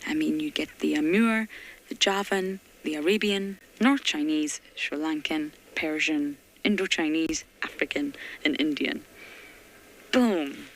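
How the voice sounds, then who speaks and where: A woman safari guide giving hushed, chatty live commentary from an open-air game drive, often dropping to a half-whisper. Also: sits low, a little slow, poor audio.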